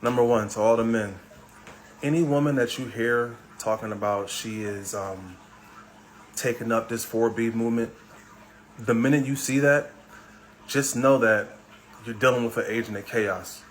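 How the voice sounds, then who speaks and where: Male podcast host, mid-pitched, blunt lecturing commentary, talks straight to the fellas, faint hiss behind. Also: steady tone, normal speed, long pauses, poor audio. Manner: blunt, lecturing, addresses men directly. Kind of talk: opinionated commentary monologue.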